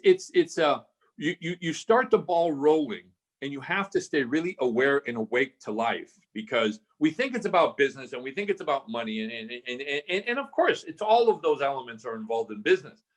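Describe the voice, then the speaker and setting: A man's voice: mid-range voice, sing-song, normal speed. An older man guest from Southern California telling a story in a podcast interview, acting out the voices he quotes and restarting his phrases often.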